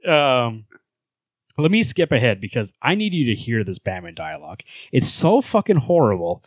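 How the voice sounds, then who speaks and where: A young man hosting a comics podcast, talking in an animated, exasperated way and swearing freely. His pitch moves all over the place, and the sound is dry and close to the mic. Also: moderate pace, no echo. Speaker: podcast host. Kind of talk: casual chat.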